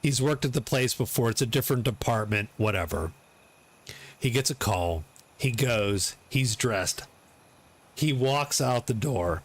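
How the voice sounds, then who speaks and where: A middle-aged man giving live commentary on his gameplay, excitable, swearing and laughing often. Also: mid-range voice, a little slow. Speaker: game streamer.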